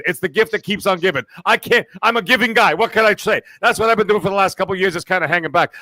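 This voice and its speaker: A brash, vulgar loudmouth tears through his boasts at a breakneck pace, as a man puts him on for a comedy bit. The voice sits high and bright with a pushy edge. The sound is dry and close. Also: dry recording. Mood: boastful. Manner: boastful, rapid ranting, crude.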